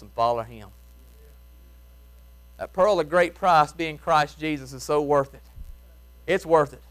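A man with a Mississippi accent preaching a sermon in folksy Southern speech, shouting some phrases and dropping to a hush on others. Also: a little high. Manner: swings from shouting to hushed, soft tones; folksy Southern grammar, chuckles while preaching. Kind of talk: revival sermon. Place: church.

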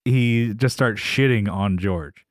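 This podcast co-host speaks slowly in a lowish voice, recorded at studio quality with no echo. On the casual show he recaps a sitcom episode with animation, quoting the characters in their voices and laughing.

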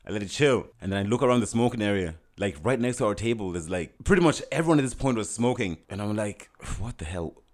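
Deep-voiced man telling a story casually. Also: fast, hardly any pauses. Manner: animated, frequent restarts and quoted dialogue.

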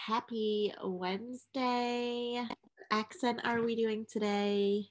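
A woman's voice: medium pitch, fairly bright tone. Chatty woman podcast co-host at home. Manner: chatty, rambling, quick to laugh. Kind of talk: casual chat.

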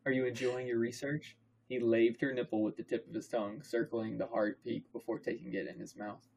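A young man with a husky, slightly breathy voice reads a story aloud for a comedy podcast. His narration is deadpan and mock-dramatic, and his pitch sits in an ordinary middle range. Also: a little fast, low-quality recording. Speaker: podcast co-host reading fan fiction aloud.

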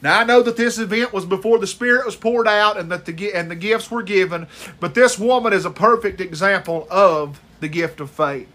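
A man preaching an impassioned sermon, stretching key words and rising to shouts at the high points. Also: a little fast.

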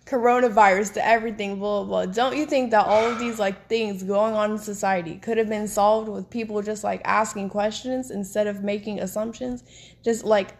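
A woman's voice: medium pitch, steady tone, fairly quick, slight background noise. A woman co-hosting a casual podcast, talking at length and peppering her sentences with "like". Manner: talkative, uses lots of "like". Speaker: podcast co-host.

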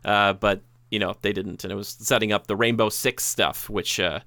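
Bright, chatty man reviewing a movie. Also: lowish voice, fairly even intonation, moderate pace, gravelly, no room sound. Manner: chatty, rambling, acts out quotes from scenes. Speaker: podcast co-host. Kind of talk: casual movie review chat.

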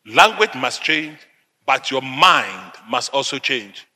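Male preacher from Africa, middle-aged; tense, sharp and forceful delivery; emphatic repetition; large reverberant hall. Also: medium pitch, sing-song, takes it slowly. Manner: emphatic, repetitive declarations, sudden loud bursts. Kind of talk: sermon.

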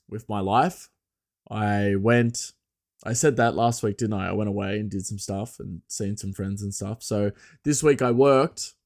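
Rambling male podcast host. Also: fairly low pitch. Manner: rambling, self-deprecating, many restarts. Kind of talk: casual solo podcast chat.

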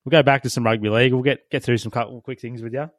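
A man's voice: mid-range voice, steady tone, very fast, no echo, clean studio sound. A young Australian man hosting a podcast, chatting casually, laughing often and swearing constantly. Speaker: podcast host. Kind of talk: casual banter.

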